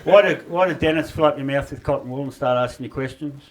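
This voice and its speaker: A man's voice: medium pitch, fast. Australian male comic, crude punchy one-liners. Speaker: stand-up comedian. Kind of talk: stand-up comedy set. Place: live gig venue. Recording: distant, roomy, noisy live recording.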